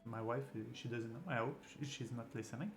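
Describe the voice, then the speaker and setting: A young man speaking as a hosts a casual chat, full of restarts and eager swearing. His voice sits at a medium pitch for a man. Faint music runs underneath. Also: a little fast. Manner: animated, stumbling, swears a lot. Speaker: host.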